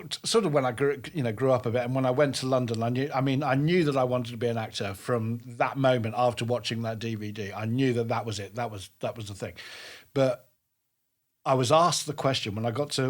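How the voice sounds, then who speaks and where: A man in his fifties talks through his acting life in a relaxed interview. He is emphatic and animated, often restarting his sentences as he goes. His voice sits at an ordinary middle pitch. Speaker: drama tutor and guest. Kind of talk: casual interview storytelling.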